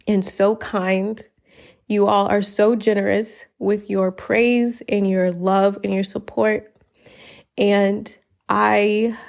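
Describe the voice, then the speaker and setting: A woman hosts her own solo podcast in an earnest, grateful monologue. Her voice sits at a middling pitch, and she drops short laughs between sentences. She sounds a little choked up as she talks. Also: gravelly, darkish tone. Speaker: podcast host. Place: lives abroad, based in Barcelona.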